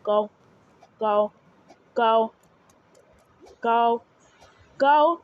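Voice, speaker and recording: A young woman gives running commentary on her own gameplay, breaking into shouts and screams as the game goes on. Her voice sits high and swings widely, and she talks in a slow, drawn-out way. Faint noise hangs in the background. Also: big pitch swings, no echo, dull audio. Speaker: gaming video creator.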